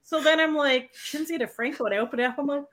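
A woman's voice: high voice, quick pace, very noisy. A woman chatting casually, teasing a friend in a wry way. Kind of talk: casual chat.

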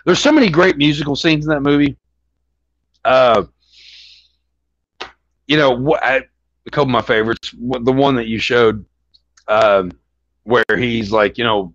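A man's voice: mid-range voice, moderate pace, pauses often, fairly bright tone, dry recording. A man co-hosting a podcast in casual chat, rambling with many restarts and constant swearing. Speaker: podcast co-host. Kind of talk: casual chat about movies. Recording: dull lo-fi sound.

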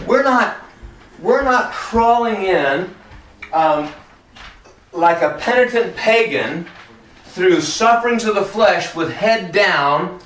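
A man preaching a sermon in a conversational, animated way, joking and acting out little quoted exchanges. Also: high-pitched, roomy sound, far from the mic.

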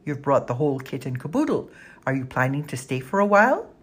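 A woman doing a brisk, wry young woman. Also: a bass voice, sing-song, husky, heavily acted. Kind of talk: audiobook character voice.

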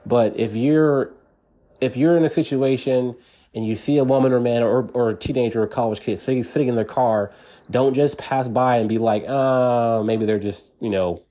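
A man's voice: medium pitch, moderate pace, dark tone. A man hosting his own podcast, talking in an earnest, casual monologue with many restarts and the odd laugh. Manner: earnest and repetitive, frequent restarts, laughs between points. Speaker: podcast host.

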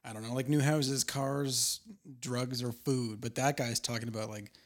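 A man's voice: medium pitch, steady tone, normal speed. A man in casual conversation about a film, joking, laughing often and acting out silly quotes. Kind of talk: casual chat.

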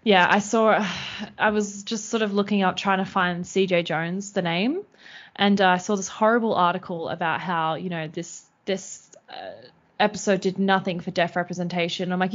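A woman's voice: mid-range voice, steady tone, moderate pace. A woman co-hosting a podcast, chatting casually and retelling stories with lots of fillers. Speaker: podcast co-host. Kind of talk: casual chat. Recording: slightly dull lo-fi sound.

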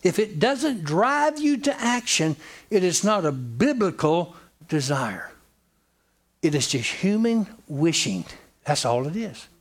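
A man with a high, sing-song voice preaches to his congregation. He swoops up and down through his pitch, drilling his points in with plain, homespun repetition. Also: big pitch swings, slow pace. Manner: emphatic, repetitive and folksy. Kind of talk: sermon.

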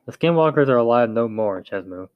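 A man's voice: mid-range voice, lively intonation, a little fast, natural voice. Brief: stern tribal chief, read by a man, curt orders, storybook, dull sound. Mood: commanding. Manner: commanding, curt. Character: authoritative male tribal chief.

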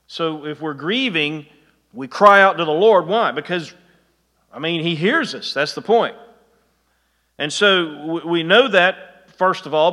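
A man's voice: a little high, sharp tone, big-room sound. A man preaching a sermon in a conversational way, with chuckling asides and frequent restarts. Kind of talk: sermon with anecdotes.

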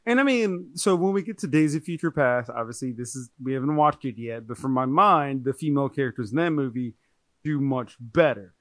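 A man talks loosely through a movie review on a podcast, stopping to correct himself mid-sentence. His voice sits at an average pitch for a man. The sound is close and dry, with no room around it. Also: brisk, dry recording. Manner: chatty, rambling, self-correcting. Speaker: podcast co-host. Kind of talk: casual movie-review chat.

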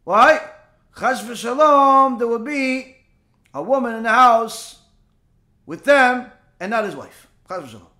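Guy preaching a sermon, very high bright voice, keeps repeating stuff and asking the crowd questions. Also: animated, takes it slowly. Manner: emphatic, repeats key phrases, rhetorical questions. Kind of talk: sermon with dramatic storytelling.

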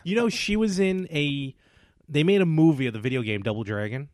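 A man in his forties co-hosting a podcast in casual chat, with quick reactions and joking back-and-forth. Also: on the high side, a little mellow, no room sound, studio quality. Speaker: podcast co-host.

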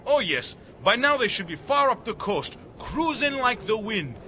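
A formal, wry tour guide. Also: male voice, high voice, sing-song, moderate pace. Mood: courteous. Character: courteous knowing male tour guide. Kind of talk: radio drama acting.

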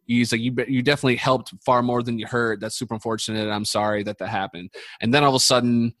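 A man's voice: lowish voice, level tone, quick pace, hardly any pauses, a bit bright, no room sound. A young man from the United States, a podcast guest, telling a long story in casual chat, swearing freely and full of fillers and restarts.

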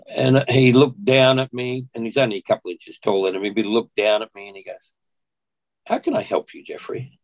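A man's voice: mid-range voice, moderate pace, pauses often, poor audio. A man with an Australian accent, a podcast guest telling a personal story in conversation, acting out what people said along the way. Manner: animated storyteller who acts out what people said.

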